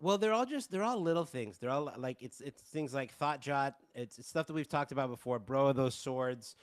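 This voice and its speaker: A man's voice: mid-range voice, animated, normal speed, no room sound. Joking guy on a podcast, teases his buddies, laughs a lot. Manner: playful, teasing, laughs often. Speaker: podcast co-host. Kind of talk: casual chat.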